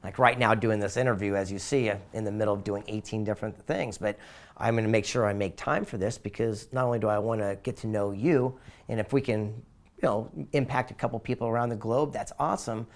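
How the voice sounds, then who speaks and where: A man's voice: fairly low pitch, steady tone, fairly quick. A middle-aged man from the United States, a guest in an interview, telling stories with enthusiasm and acting out voices as he goes. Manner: enthusiastic, acts out voices in anecdotes. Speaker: interview guest, author and speaker. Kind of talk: animated storytelling in an interview.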